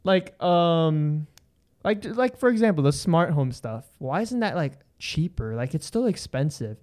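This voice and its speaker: A woman's voice: low voice, expressive, unhurried, darkish tone. A young woman co-hosting a casual chat, rambling with lots of fillers and swearing. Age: young adult. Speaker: podcast co-host.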